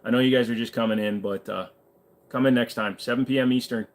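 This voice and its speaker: A man's voice: medium pitch, fairly even intonation, fast. A tired man hosting a livestream in a casual, laid-back way, reading viewer comments aloud and answering them. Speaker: livestream host.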